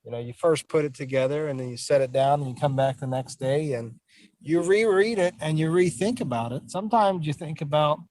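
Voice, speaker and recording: A man on a program panel giving plain-spoken, relaxed advice about bidding jobs. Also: a little high, normal speed, dry recording, poor audio. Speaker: estimator coach. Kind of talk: online panel discussion.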